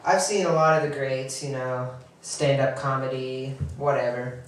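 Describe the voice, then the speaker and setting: Young male comic, nervous and halting stand-up, recorded from a distance in a very echoey room. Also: mid-range voice, steady tone. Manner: halting, awkward delivery with frequent restarts and chuckles. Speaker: stand-up comedian. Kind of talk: stand-up comedy set.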